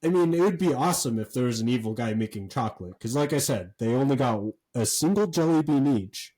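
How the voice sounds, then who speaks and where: A man co-hosting a podcast, telling a story in a rambling, animated way with lots of fillers and swearing. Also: mid-range voice, brisk, rough recording. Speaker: podcast co-host. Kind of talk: casual chat.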